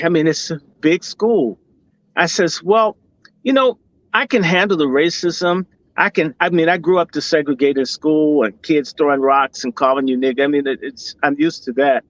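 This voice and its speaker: A middle-aged man from Washington, D.C., a guest telling a story in an impassioned, profane way, with sudden loud outbursts. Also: high voice, no echo. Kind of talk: storytelling in a discussion. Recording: dull, slightly lo-fi dry sound.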